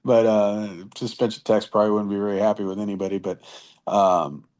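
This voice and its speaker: A man with a fairly low voice talks in a relaxed, slangy and profane way as a podcast guest. He rambles through fillers and restarts in casual chat. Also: brisk. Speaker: podcast guest, motocross editor.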